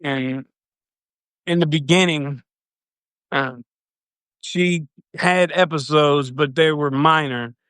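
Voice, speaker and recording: A man tells a personal story on a livestream in a loose, rambling way, swearing freely. His voice sits a bit high and comes across smooth and clear. The sound is dry and close. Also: steady tone, slow, pauses often, a bit bright, dry recording. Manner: profane, rambling, loose retelling.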